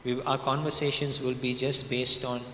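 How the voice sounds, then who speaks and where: A man's voice: medium pitch, flat delivery, moderate pace, bright, forceful tone, slight background noise. A man preaching a sermon, emphatic, repeating phrases and drawing out key words. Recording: echoey hall.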